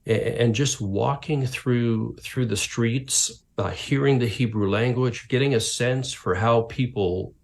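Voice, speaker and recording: A middle-aged Canadian pastor and author, guesting on an interview, tells lively anecdotes and acts out the voices of the people he quotes. His medium-pitched voice has some vocal fry, and he keeps a measured pace with few pauses.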